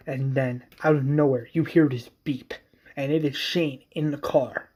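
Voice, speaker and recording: Man, breathy, slow-paced, casual episode recap, halting delivery. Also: mid-range voice, steady tone, darkish tone. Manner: halting, repeats words. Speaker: fan series narrator.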